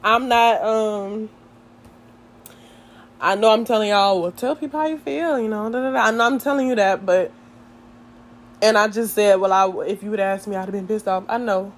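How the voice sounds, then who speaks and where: A young woman, chatting casually to her viewers and telling an animated story. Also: medium pitch, moderate pace, pauses often, a little hiss or hum. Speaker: vlogger.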